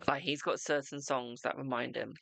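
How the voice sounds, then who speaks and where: A man's voice: mid-range voice, moderate pace, gravelly, a bit bright, no room sound. A young man hosting a live-streamed tarot reading, reassuring and repetitive, calling the viewer "my darling" and checking in with "okay?".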